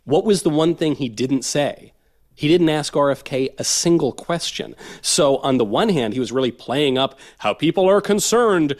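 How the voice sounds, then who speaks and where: A man's voice: fairly high pitch, lively intonation, normal speed. A man who is a guest commentator on a talk show, wry and articulate. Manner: wry, articulate, mimics people he quotes.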